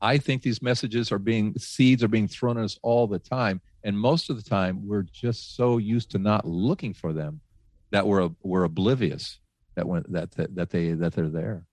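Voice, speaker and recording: Former radio man as podcast guest, low voice, animated storyteller, dry close sound. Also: normal speed, dry recording. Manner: animated, laughing, frequent restarts. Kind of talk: casual faith storytelling.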